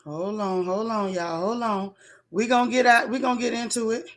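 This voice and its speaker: A woman's voice: a little high, steady tone, moderate pace. A woman hosting a casual live stream, chatting with her viewers and greeting them by name in a loose, chatty way. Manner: chatty, Southern-tinged African American vernacular, frequent "child" and "y'all". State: out of breath. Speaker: live-stream gossip host.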